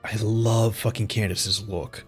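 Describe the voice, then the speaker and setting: A man giving casual live-stream commentary as streamer, excitable, swearing freely and chuckling often. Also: fairly low pitch, a little slow, husky, faint music behind.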